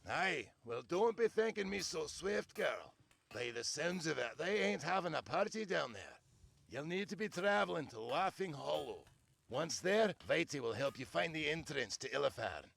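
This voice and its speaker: An actor playing a gruff, protective male dwarf father who gives commands in a game. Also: a little high, sing-song, normal speed, a bit bright, exaggerated voice. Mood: stern.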